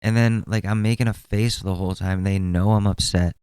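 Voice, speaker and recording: A young man in his twenties talks through a solo podcast episode in a loose, rambling way, swearing often and sounding fed up. His voice sits a little low and comes across smooth and mellow. The sound is close and dry. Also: fairly even intonation, a little fast, dry recording. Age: 20s. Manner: rambling, exasperated, profane. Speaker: podcast host. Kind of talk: casual solo commentary.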